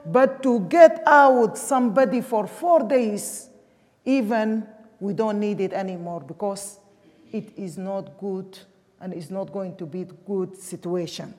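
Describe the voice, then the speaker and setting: A woman's voice: medium pitch, unhurried, darkish tone. A woman from Sudan, preaching a sermon emphatically in English. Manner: emphatic, with non-native English grammar. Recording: long hall reverb.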